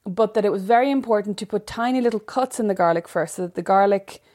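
A woman's voice: mid-range voice, fast talker, darkish tone. A woman co-hosting a podcast, telling stories in casual chat in a self-mocking way. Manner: storytelling, self-mocking, laughing. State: pregnant. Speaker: podcast co-host.

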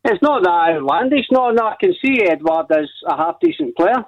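Scottish male caller, a touch high, dull phone audio, winding the panel up. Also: lively intonation, moderate pace, no room sound. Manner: teasing, mischievous. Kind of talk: phone-in football banter.

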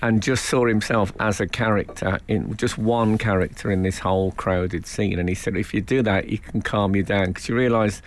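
A man's voice: fairly low pitch, steady tone, normal speed, hardly any pauses, slight background noise. A man with an English accent, hosting a casual radio chat, telling rambling anecdotes with plenty of laughter. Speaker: radio show host.

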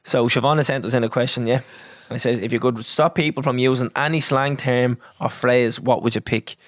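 A man's voice: mid-range voice, steady tone, no room sound, clean studio sound. A man, co-hosting a casual podcast, who swears offhandedly and calls his friend "bro". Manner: quick, swears casually, says "bro" a lot. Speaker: podcast co-host. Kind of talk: casual chat.

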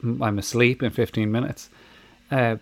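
A man's voice: mid-range voice, moderate pace, creaky, no echo. Joking male podcast host. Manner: joking, animated. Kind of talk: casual chat, reading a listener's email.

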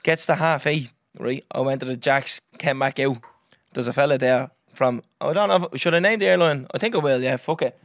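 Fast-talking Irish man telling a story. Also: mid-range voice, no echo, clean studio sound. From Ireland. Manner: animated, swears freely, acts out others' lines. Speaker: podcast host. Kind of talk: casual storytelling.

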